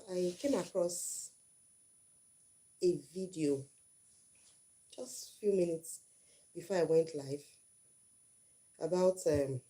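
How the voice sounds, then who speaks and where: A woman's voice: low-pitched, warm tone. A middle-aged woman hosting her first livestream, telling a story and giving marriage advice in an earnest way, often repeating phrases for emphasis.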